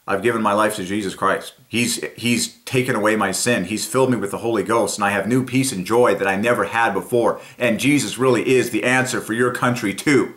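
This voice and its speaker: A man voicing an imagined male politician who makes a solemn, humbled public confession, in a slightly lower and quieter voice. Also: brisk, few pauses, natural voice. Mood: confessing.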